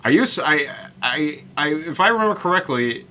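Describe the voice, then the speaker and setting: A man hosting a solo podcast about writing poetry, talking in a halting way with many stammered restarts and slowing down to recite his lines. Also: fairly high pitch, lively intonation, bright, forceful tone, a little hiss or hum. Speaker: podcast host.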